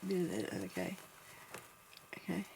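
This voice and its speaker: A woman's voice: lowish voice, sing-song, normal speed, vocal fry, background noise. A woman vlogging as she crafts, chatting casually and thinking aloud, laughing often at herself.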